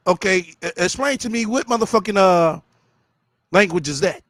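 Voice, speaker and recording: A man's voice: sits high, animated, moderate pace, a bit bright, dry recording, studio quality. A man doing casual reaction commentary, talking bluntly and with profanity straight to his viewers. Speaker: commentary streamer.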